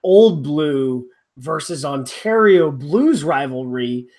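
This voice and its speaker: A man's voice: a little high, expressive, takes it slowly, a little mellow. A man co-hosting a rugby podcast, casual and rambling, joking with plenty of fillers and restarts. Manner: wry, joking. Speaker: podcast co-host.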